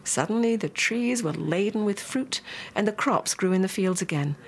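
A woman telling a myth in a gentle, expressive, unhurried way. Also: mid-range voice. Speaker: storyteller. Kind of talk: myth storytelling.

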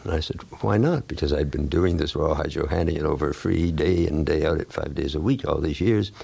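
Brief: older male broadcaster, husky and low, wry storyteller who animates quotes. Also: brisk, dry recording. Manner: wry, animated when quoting others. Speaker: veteran radio broadcaster guest. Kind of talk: anecdotal storytelling.

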